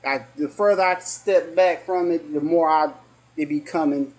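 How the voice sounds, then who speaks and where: A man around forty in a casual spiritual chat, halting and restarting often, slipping into softly acted quotes. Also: on the high side, fairly even intonation.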